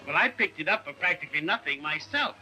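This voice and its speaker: A man's voice: on the high side, animated, sharp tone, soft background music, poor audio. A man playing a pompous, blustering man posing as a colonel in a 1930s film comedy. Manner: pompous, slow and grand.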